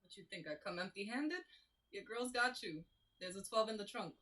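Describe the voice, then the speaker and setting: An actor playing a blunt, level-headed young woman who talks in a calm, matter-of-fact way during a stage play reading. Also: mid-range voice, moderate pace, close to an everyday voice, rough recording.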